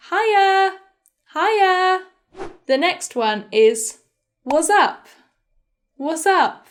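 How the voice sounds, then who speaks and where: A young woman leads a beginner English lesson with a slightly high voice. She speaks slowly and clearly and models each phrase with careful pronunciation. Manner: slow, clear, demonstrative pronunciation of example phrases. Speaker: English teacher.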